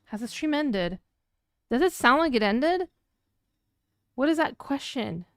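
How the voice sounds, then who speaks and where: Woman with Latin American Spanish accent, teasing stream chat, smooth clear voice, dry close sound. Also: high-pitched, expressive, unhurried, a bit bright, dry recording. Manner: playful, teasing, chatty. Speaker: streamer's partner answering chat.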